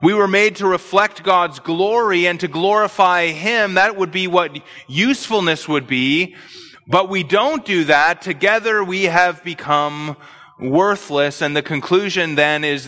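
A man's voice: high-pitched, unhurried, sharp tone, in a large hall. A man preaching an expository sermon, earnestly explaining scripture verse by verse.

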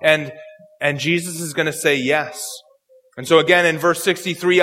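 A man preaching an expository sermon, reading and explaining scripture verse by verse and slowing to quote it. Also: on the high side, fairly even intonation, bright, forceful tone, in a large hall.

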